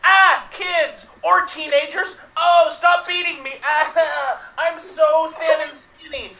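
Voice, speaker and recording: A man's voice: very high voice, fairly even intonation, slow, creaky, sharp tone, echoey room, a little hiss or hum, voice pushed up, exaggerated voice, low-quality recording. A man playing a deranged male clown villain, frantic and laughing in fits, one performer in an online improv show. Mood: manic.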